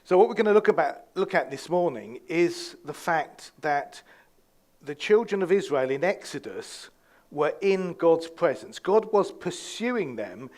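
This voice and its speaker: Pastor preaching, loose and chatty, lots of ums and restarts, voice sits a bit high. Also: male voice, lively intonation, measured pace, a little mellow. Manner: conversational, with frequent fillers and restarts. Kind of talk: sermon.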